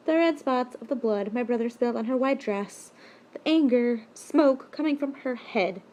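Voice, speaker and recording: Woman vlogger, high voice, expressive and jokey storytime telling. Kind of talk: casual storytime narration.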